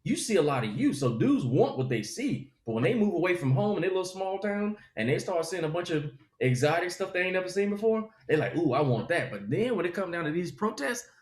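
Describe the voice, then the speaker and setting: A comedian with a Southern accent, riffing in an animated, preachy way with comic asides during an interview. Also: male voice, high-pitched, fairly quick, few pauses, roomy sound. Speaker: comedian guest. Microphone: video call.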